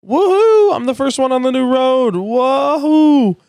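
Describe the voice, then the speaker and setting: A man's voice: sits high, takes it slowly, smooth, dry recording, studio quality, voice pushed up. A man voicing a goofy, cheerful male tow truck who whoops and talks with folksy bad grammar. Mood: gleeful. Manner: whooping, hillbilly-style grammar.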